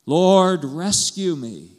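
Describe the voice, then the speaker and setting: A man's voice: fairly high pitch, animated, drawn-out words, darkish tone, in a large hall, pitched above the performer's own voice. A man voicing Peter, a frightened, doubting fisherman, with a raised, urgent and hesitant voice. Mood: pleading.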